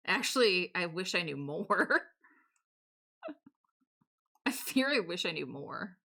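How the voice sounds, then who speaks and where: A woman in her twenties chats with her viewers while building in a game. Her voice is bright and sharp, and she tells stories in an animated way, laughing often and acting out what people said. The talk stays casual and chatty. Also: lowish voice, very slow, creaky, pauses often. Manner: animated storyteller, laughs often, acts out quotes. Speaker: streamer. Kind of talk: casual live-stream chat while building. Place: home streaming setup.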